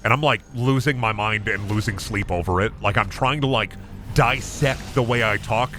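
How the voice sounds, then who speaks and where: A man's voice: fairly low pitch, moderate pace, pushed and bright, slight background noise. A man streaming a video game, chatting and swearing casually, often with an upward inflection. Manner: chatty, rambling, swears freely. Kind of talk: casual gameplay commentary.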